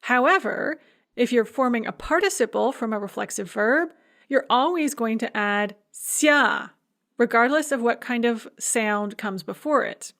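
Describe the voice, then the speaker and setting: Woman lecturing methodically, fairly high voice. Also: a bit bright. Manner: clear, methodical explaining with slow spelled-out examples. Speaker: language lecturer. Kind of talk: recorded grammar lecture.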